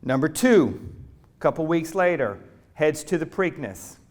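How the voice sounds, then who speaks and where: A middle-aged man giving a motivational keynote, telling a story dramatically, swinging from hushed asides to loud preacher-like calls to the audience. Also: on the high side, big pitch swings, a little slow. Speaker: motivational speaker.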